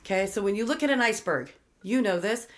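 Woman, casual talker, blunt and foul-mouthed, animated explainer. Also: mid-range voice, fast talker. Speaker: friend giving advice. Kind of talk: casual chat.

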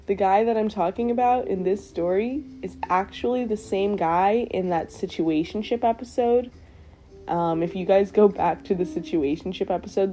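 Laughing young woman telling stories. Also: medium pitch. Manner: animated, swearing, laughing often. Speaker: podcast host. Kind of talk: casual storytelling.

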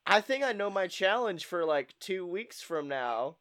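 A man's voice: sits high, big pitch swings, measured pace, fairly bright tone, clear, resonant tone. A man hosting a casual podcast chat, joking and riffing with profanity. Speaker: podcast host.

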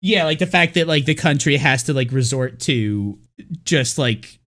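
A man's voice: mid-range voice, expressive, normal speed, fairly bright tone. A man co-hosting a casual movie podcast, rambling with lots of fillers and now and then putting on mocking voices for the characters. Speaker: podcast co-host.

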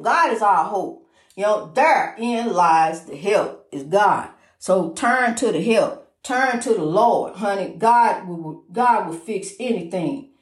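A woman giving an informal, emphatic preaching monologue, repeating herself and calling the listener honey, speeding up when she gets excited. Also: medium pitch, echoey room. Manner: talks fast when excited. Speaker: inspirational speaker.

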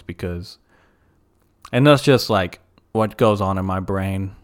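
Young male podcast host, low smooth voice, rambling and profane, self-mocking storyteller. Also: fairly even intonation, moderate pace. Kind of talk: casual storytelling monologue.

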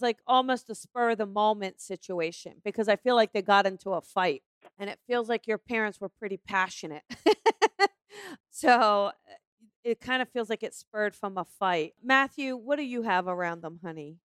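A woman's voice: mid-range voice, normal speed, fairly bright tone, smooth, no room sound, studio quality. A woman co-hosting a psychic call-in show, speaking in a motherly way and calling callers honey and sweetheart. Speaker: psychic medium co-host.

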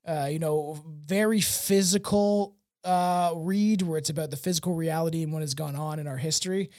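A man's voice: fairly high pitch, fairly even intonation, normal speed, darkish tone, no echo, studio quality. A man hosting a podcast, rambling casually with frequent laughs and swearing. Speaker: podcast host.

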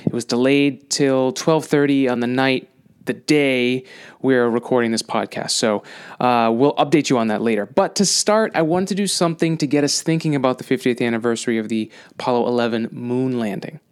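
A man's voice: mid-range voice, moderate pace, clear, resonant tone. A man hosting his own science podcast, talking in an upbeat, conversational way and correcting himself now and then. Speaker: podcast host and science communicator.

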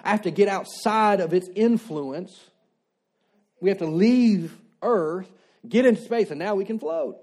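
Mellow-voiced male pastor preaching conversationally. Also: sits high, unhurried. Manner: conversational preaching with rhetorical questions and repeated declarations. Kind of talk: sermon.

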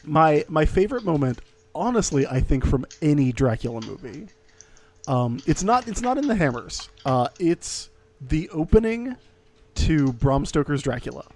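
A man co-hosting a casual movie podcast, wry and profane, building up to loud punchlines. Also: fairly high pitch, sing-song, moderate pace. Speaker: podcast co-host.

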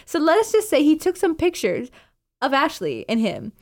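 A woman's voice: high voice, normal speed. A woman co-hosting a podcast, chatting casually about a book and acting out the characters' lines with laughs. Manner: animated, acts out characters' lines, laughs often. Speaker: podcast co-host.

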